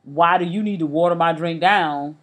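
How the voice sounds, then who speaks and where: A woman's voice: lowish voice, moderate pace. A woman co-hosting a casual podcast, opinionated and matter-of-fact. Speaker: podcast co-host.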